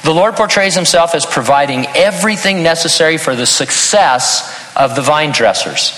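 A man's voice: fairly high pitch, moderate pace, fairly bright tone, roomy sound, in a large hall, rough recording. An older man preaching a sermon as pastor, earnest with touches of self-deprecating humor.

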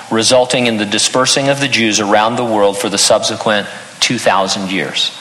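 A man's voice: mid-range voice, pushed and bright, reverberant, long reverb tail, low-quality recording. An older man preaching a sermon as pastor, earnest with touches of self-deprecating humor.

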